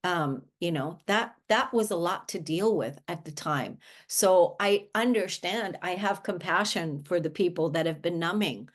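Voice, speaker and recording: A woman's voice: on the low side, a little slow, few pauses. A woman guest, a life coach, speaking earnestly in a conversational interview, often restarting her sentences. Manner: earnest, with frequent restarts and filler words.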